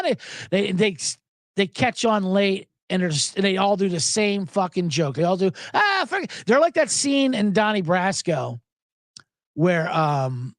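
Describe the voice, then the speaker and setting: A man's voice: high-pitched, a bit bright, no echo, clean studio sound. A man hosting a sports betting podcast, rambling and joking profanely in a casual monologue. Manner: profane, joking, rambling, breaks into mock impressions.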